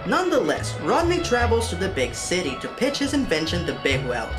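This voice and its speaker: Female film reviewer, dry sarcasm, animated pitch, light music bed. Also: brisk. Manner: sarcastic, exasperated. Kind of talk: comedic review narration.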